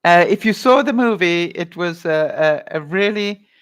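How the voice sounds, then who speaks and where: A woman's voice: fairly low pitch, animated, normal speed, clean tone. A woman vlogger chatting casually on a live stream, giggling often as she reads out viewer comments. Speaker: vlogger running a movie quiz.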